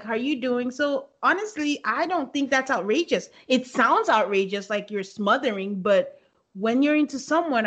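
A woman co-hosting a podcast in casual chat, giving frank opinions and laughing easily. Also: high-pitched. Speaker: podcast co-host.

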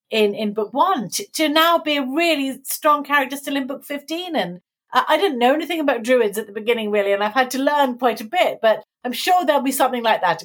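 A woman's voice: fairly high pitch, slightly rough. A middle-aged woman, an author, talking casually in an interview, with frequent tag questions and light laughs. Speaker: author guest.

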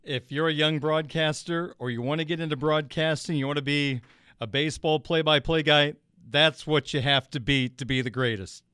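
A sports radio host man telling a story on air with lively, animated delivery. His voice sits a touch high and comes through crisp and smooth. The studio sound is close and dry. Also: moderate pace, no room sound. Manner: animated, quotes voices with big pitch jumps. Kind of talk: casual radio monologue, personal anecdote.

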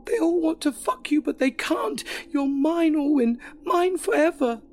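A man's voice: a little high, fairly even intonation, fairly quick, vocal fry, a little hiss or hum, pitched above the performer's own voice. A man voicing an obsessive, unhinged young woman who screeches possessively in a horror story. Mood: screeching. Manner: shrieking, possessive.

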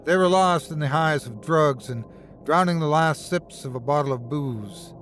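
A man narrating a horror story in a measured, dramatic way. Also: fairly high pitch, fairly bright tone, slight background noise.

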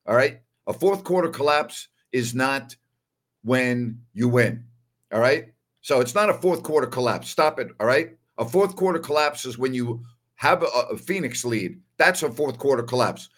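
A man's voice: medium pitch, expressive, normal speed, a bit bright. Man, from New York, postgame show host, casual livestream chat, emphatic, repetitive. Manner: emphatic, repeats "all right" a lot. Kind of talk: casual solo livestream commentary.

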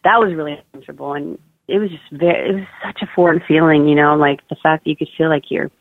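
A young woman with a low voice and steady tone talks fast as a casual podcast guest describing a birth. Her chatter is full of "like" and "oh my God," carried over a dry, tinny, phone-like line without echo.

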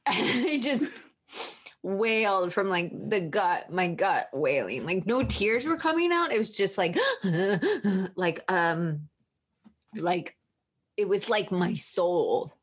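A woman's voice: on the low side, expressive, takes it slowly. A woman author, a guest on a podcast, talking openly and candidly about her feelings. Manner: open and emotionally candid. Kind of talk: candid interview talk.

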